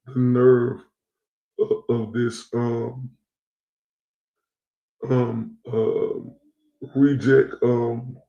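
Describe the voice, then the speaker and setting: A man with a gravelly, mellow voice rants slowly on a livestream, circling back and repeating himself as he heats up. The sound carries a roomy echo. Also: medium pitch, highs cut off. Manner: rambling, repeats himself, slangy and heated. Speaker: livestream host. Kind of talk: casual livestream rant.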